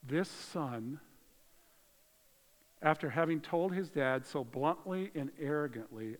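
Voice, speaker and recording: A man preaching a sermon in a conversational way, swinging between loud emphasis and hushed moments, in a church. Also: mid-range voice, a little slow, pauses often. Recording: long hall reverb.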